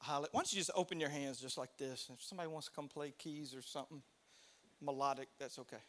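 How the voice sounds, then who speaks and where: High, bright-voiced pastor preaching. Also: male voice, fast. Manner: animated, laughing storyteller who shouts quoted lines. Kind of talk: sermon with storytelling.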